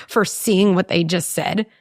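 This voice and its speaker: A woman talking as a parenting psychologist in an interview, animated and explaining with vivid examples. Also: on the low side, slow pace, no room sound, studio quality. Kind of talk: conversational interview.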